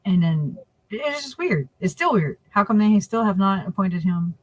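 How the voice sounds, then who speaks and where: A woman co-hosting a casual livestream chat, opinionated and quick to laugh. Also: medium pitch, animated, a little mellow, dry recording, rough recording. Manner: chatty, laughing asides, opinionated. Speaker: livestream co-host.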